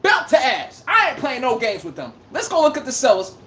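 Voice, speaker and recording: A woman with a high voice runs a casual sports commentary livestream, ranting and trash-talking. Her pitch swings widely as she jumps between outrage and teasing. She is recorded in an echoey room with faint noise behind. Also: wildly swooping pitch, a little fast, a bit bright. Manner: reads out chat comments. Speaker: livestream host.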